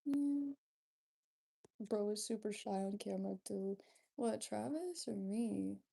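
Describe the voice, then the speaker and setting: A young woman hosting a live stream, her voice gravelly with vocal fry and a mellow, dark tone. She talks at an easy, drifting pace, wandering between chat comments and casual asides. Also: mid-range voice. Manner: unhurried, drifting, chatty asides. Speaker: livestreamer.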